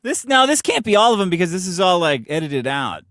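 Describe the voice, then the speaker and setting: A man co-hosting a comedy podcast, throwing in wry deadpan remarks in a fairly high voice. He is recorded close and dry, with no room around him. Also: a little fast, no room sound. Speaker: podcast co-host. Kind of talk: casual comedic chat.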